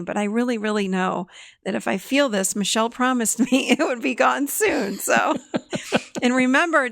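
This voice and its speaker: A woman hosting a podcast as a therapist, talking in an animated, emphatic way and laughing often. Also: on the high side, gravelly, dry recording, studio quality. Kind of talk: conversational podcast talk.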